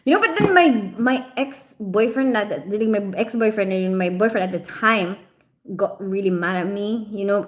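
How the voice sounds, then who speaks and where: A woman's voice: mid-range voice, expressive, normal speed. A woman chatting casually on a livestream, rambling with lots of fillers and frequent giggles. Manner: rambling, heavy use of fillers.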